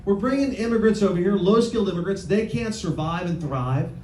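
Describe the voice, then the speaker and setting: A man's voice: high voice, lively intonation, fairly quick, a little mellow. A man running for office, giving a punchy campaign speech to a crowd in a meeting room, repeating lines and asking the audience questions. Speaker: political candidate. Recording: echoey room with faint noise.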